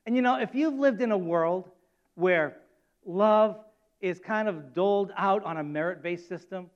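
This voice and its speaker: A man preaching a sermon as pastor, animated and acting out quoted voices with rising emphasis. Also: sits high, lo-fi sound.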